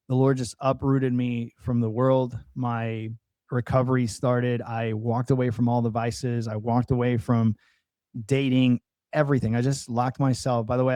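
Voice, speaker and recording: Man telling his story in a mellow voice. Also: mid-range voice, no echo. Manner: earnest storytelling with many restarts and fillers. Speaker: podcast guest. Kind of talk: personal testimony in conversation.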